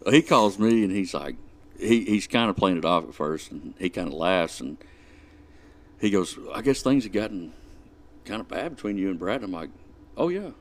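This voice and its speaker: Man, 40s, very deep voice, podcast guest, laid-back dry storytelling. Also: expressive, normal speed. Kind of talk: casual storytelling chat.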